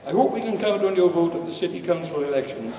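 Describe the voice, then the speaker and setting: A man's voice: fairly high pitch, animated, quick pace, warm tone, a little hiss or hum, close to an everyday voice. A man reading as a polite young woman canvasser. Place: large hall at a public reading. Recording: echoey hall from far off.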